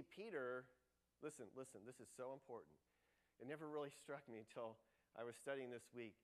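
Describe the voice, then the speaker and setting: Man pastor, sermon, fairly high voice, lively and emphatic delivery. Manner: animated, shifts to loud excited voice when quoting Jesus. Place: church sanctuary.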